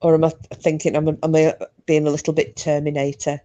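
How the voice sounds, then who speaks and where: A chatty woman in middle age, talking casually to her livestream viewers from home. Her voice sits low and sounds mellow and dark. She laughs often and trades bawdy banter. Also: fairly even intonation, quick pace. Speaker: livestream host. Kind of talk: casual chat with live chat viewers.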